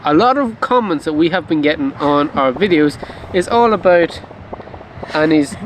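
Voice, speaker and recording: Man vlogger, teasing and upbeat, fairly high voice, outdoors, faint background noise. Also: animated, moderate pace, rough recording. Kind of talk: casual chat. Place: outdoors at a park-up by a camper van.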